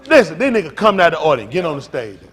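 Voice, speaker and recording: A man speaking as a pastor in an emphatic, preacherly talk, often building up to loud outbursts. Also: on the high side, very animated, fast.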